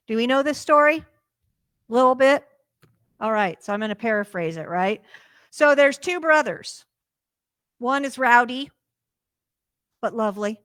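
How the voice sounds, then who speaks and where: A woman minister preaching a sermon, telling a parable in a lively way and acting out its characters' lines. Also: on the high side, dry recording. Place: church sanctuary.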